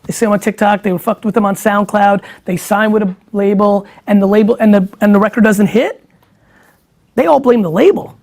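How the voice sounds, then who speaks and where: Gravelly, profane middle-aged man. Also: high-pitched, brisk, darkish tone. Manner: profane, emphatic, rambling. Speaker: guest. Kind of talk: casual interview talk.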